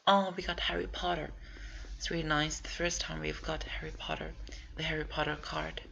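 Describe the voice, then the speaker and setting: Low, gravelly woman narrating gameplay. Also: fairly even intonation, normal speed, a bit bright, slight background noise. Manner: rambling, chatty, thinks aloud. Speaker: video game walkthrough player. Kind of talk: casual gameplay commentary.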